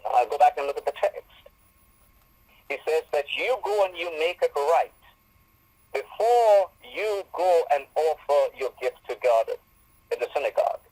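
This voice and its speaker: A man's voice: fairly high pitch, a little mellow, poor audio. A man giving a Bible teaching in a sermon style, emphatic and repeating phrases for stress.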